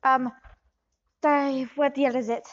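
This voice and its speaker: A woman's voice: high-pitched, fairly even intonation, takes it slowly, highs cut off. A woman improvising a bumbling scammer who poses as a doctor, rambling and switching accents. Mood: scheming. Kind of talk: improvised comedy interview.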